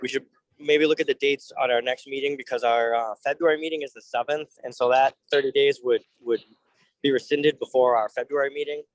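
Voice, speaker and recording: A man with a mid-range voice speaks at a remote board meeting. He puts forward practical suggestions in a measured way. His audio is dry and close. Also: mid-range voice, fairly even intonation, dry recording, poor audio. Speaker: board member. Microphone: video call.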